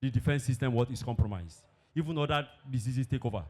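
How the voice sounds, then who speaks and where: A man with a mellow, mid-range voice talks fast while giving a conference presentation at an industry event in a hall. He's emphatic, frequently posing questions and answering them himself.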